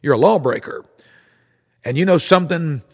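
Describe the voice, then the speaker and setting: A male preacher delivers a fervent sermon, punctuating his points with repeated amens. His voice sits a little high for a man. It rings out with a long hall reverb. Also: expressive, moderate pace, darkish tone, slightly rough. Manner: fervent, repetitive, frequent amens.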